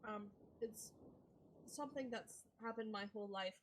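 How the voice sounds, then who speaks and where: A woman voicing a shaken young man who haunts himself with visions, speaking haltingly with stammers. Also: on the high side, close to an everyday voice, rough recording.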